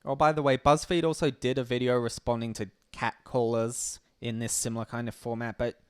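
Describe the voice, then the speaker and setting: Man, livestream host, casual commentary, smooth clear voice, blunt, sardonic, swears, halting restarts. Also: medium pitch, level tone, no echo, studio quality.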